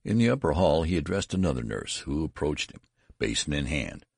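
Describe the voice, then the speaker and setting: A man narrating a classic story as an audiobook, with measured, expressive storytelling. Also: extremely low pitch, no room sound, clean studio sound.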